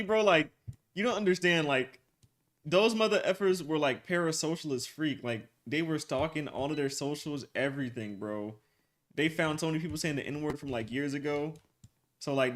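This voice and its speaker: A young man streaming live, chatting casually with his viewers in animated slang and laughing often. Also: on the high side. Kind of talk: casual livestream chat with viewers.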